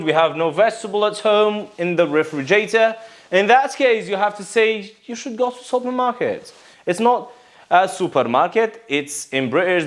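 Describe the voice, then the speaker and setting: A Kurdish-accented male English teacher walks through exam questions at an even, unhurried pace. His pitch rises and falls a lot as he poses questions to the class and then answers them himself. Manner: explains patiently, often asking and answering his own questions. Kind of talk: recorded exam-prep lesson.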